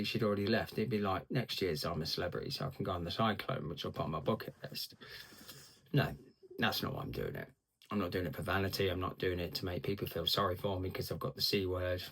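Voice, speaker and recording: A man talks straight to the camera in a heartfelt video diary, earnest and a little rambling. His low voice is gravelly and husky, and it swings widely up and down as he speaks. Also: fairly bright tone, poor audio. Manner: earnest, rambling, with hesitant fillers. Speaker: video diarist living with cancer.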